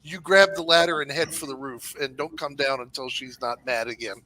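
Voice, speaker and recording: A man's voice: mid-range voice, fairly even intonation, fairly quick, pushed and bright. A man bantering in a casual live-stream chat, folksy and teasing.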